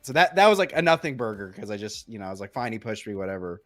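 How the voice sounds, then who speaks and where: A man's voice: on the low side, sing-song, very fast, a bit bright, faint music behind. A young man casually telling a childhood story on a podcast, rambling with many fillers and restarts. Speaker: podcast co-host.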